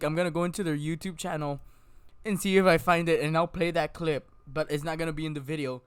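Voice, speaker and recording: A man's voice: fairly high pitch, fairly quick, clear, resonant tone, no room sound. A young man, hosting a casual podcast chat and telling stories animatedly. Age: young adult. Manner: animated storyteller, bursts into loud laughter. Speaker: podcast host.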